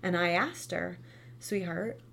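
Young mom, lower register, earnest chatty monologue with "right?" tags. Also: female voice, moderate pace, a little hiss or hum. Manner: earnest, chatty, frequent "right?" tag questions. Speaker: mother sharing parenting advice. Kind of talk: casual monologue.

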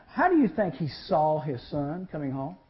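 Animated man preaching, lo-fi sound. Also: on the high side, moderate pace. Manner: animated, acts out voices in the story. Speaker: youth speaker. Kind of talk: storytelling sermon. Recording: lo-fi recording.

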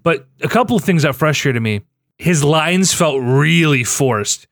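A man's voice: fairly high pitch, animated, unhurried, fairly bright tone, no room sound, studio quality. A young man in casual chat as a podcast co-host, ranting with frustration and stumbling restarts.

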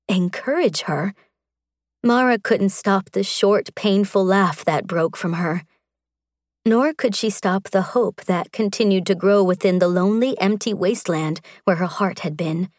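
A woman reading a romance audiobook in a measured, expressive narration. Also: fairly low pitch, no echo, clean studio sound.

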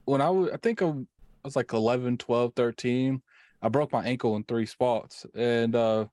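A man chatting in a relaxed way, stopping and restarting as he tells a story. His voice is mid-pitched and sounds close and dry. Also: dry recording. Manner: laid-back, halting storyteller. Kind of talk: casual chat.

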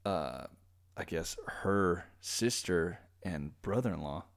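A man from Orange County, California, hosting a podcast and telling a personal story in casual chat, animated and acting out the people he quotes. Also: low voice, takes it slowly. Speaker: podcast host.

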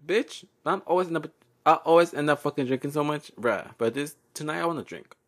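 A man's voice: fairly high pitch, fairly quick, fairly bright tone. A young man, hosting a podcast in a sassy, profane, laugh-filled casual monologue. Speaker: podcast host.

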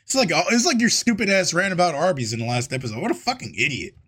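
A man's voice: a little high, very animated, fast talker, a bit bright, husky. Profane ranting male podcast co-host. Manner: swears constantly, ranting and exasperated. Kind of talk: casual profane chat.

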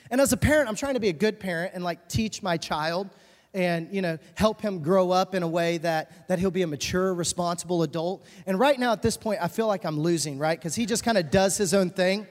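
A woman's voice: medium pitch, a little mellow. Woman pastor giving a sermon: earnest, emphatic, repeats key lines; stage mic in a big church hall with long reverb.

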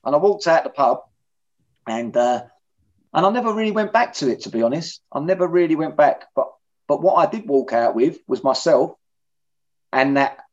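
A middle-aged man, candidly telling his own story in an interview, blunt and plain-spoken. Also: medium pitch. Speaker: interviewee in recovery. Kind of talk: personal testimony in conversation. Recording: dull lo-fi recording.

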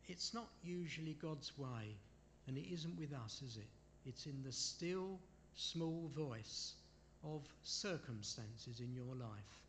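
Male preacher, slightly high voice with a wide, lively pitch, rhetorical questions and apologetic asides. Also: slight background noise. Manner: asks the listeners rhetorical questions. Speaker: preacher leading a Bible study. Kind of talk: sermon.

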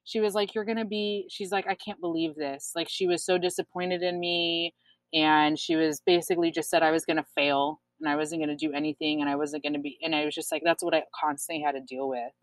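Low-voiced woman, candid and blunt. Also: steady tone, brisk, no echo. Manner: frank, swears freely, many fillers. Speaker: guest sharing her story. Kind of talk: candid casual chat.

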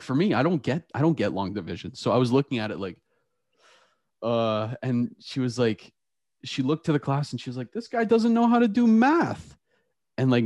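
With a mid-range voice on a dry recording, a young man chats casually on his podcast, telling lively stories and laughing often.

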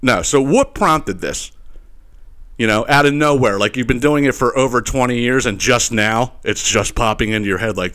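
A man hosting a solo podcast, ranting in a profane, animated way with laughing asides and repeated "you know what I mean". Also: mid-range voice, normal speed, smooth. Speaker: podcast host.

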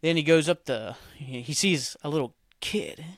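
A man's voice: on the high side, moderate pace, fairly bright tone, dry recording, studio quality. Rambling, foul-mouthed man hosting a podcast. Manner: rambling and profane, heavy on "like" and "um". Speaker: podcast host. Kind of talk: casual solo podcast recap.

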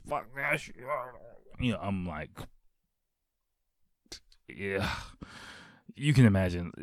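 A man's voice: low-pitched, a little mellow, smooth, dry recording, clean studio sound. A man hosting a podcast, casually telling a rambling, profane story and laughing often. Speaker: podcast host.

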